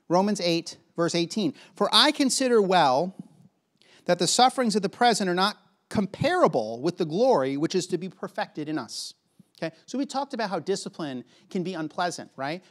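A preacher giving a conversational sermon in a church, chatty and casual, repeating words for emphasis and acting out what other people would say. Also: medium pitch.

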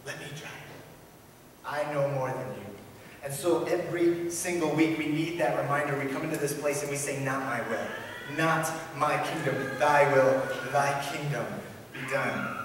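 A man preaching a sermon in a church, telling stories and dropping to a hush for suspense. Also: fairly high pitch, slight background noise. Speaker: pastor. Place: church sanctuary. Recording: echoey church hall, mic at a distance.

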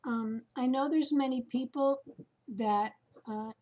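Woman vlogger, unhurried chatty storytelling, somewhat high, soft mellow tone. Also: muffled recording. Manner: slow, chatty storytelling with fillers. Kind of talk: casual chat to camera.

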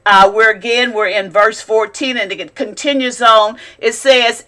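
Woman preacher, kinda high bright voice, reads verses slow and stretched out. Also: steady tone. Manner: reads scripture slowly with drawn-out emphasis; exclaims asides between verses. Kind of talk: sermon with scripture reading.

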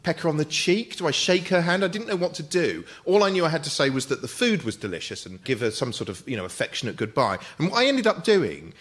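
Male panel-show host, wry and quick, higher-side voice that swings freely. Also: big pitch swings, a bit bright. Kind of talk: hosting a comedy panel show. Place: TV studio.

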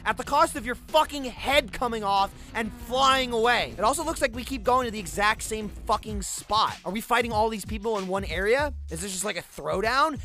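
A man giving profane, comedic gameplay commentary, sarcastic and excitable, swearing constantly and bursting into shouts. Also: high-pitched. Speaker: video game commentator.

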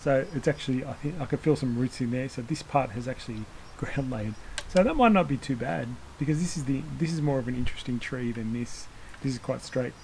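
Here a man with a brisk, darkish mid-range voice is heard on a rough recording carrying a little hiss or hum. He hosts a bonsai channel, walking through a practical demonstration in a relaxed, rambling way, correcting himself and chuckling as he goes.

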